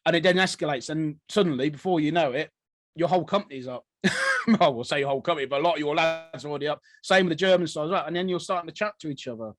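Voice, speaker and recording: A man's voice: fairly high pitch, big pitch swings, fast, a bit bright, dry recording. A man co-hosting a casual history podcast, rambling, laughing often and acting out quotes. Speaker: podcast co-host.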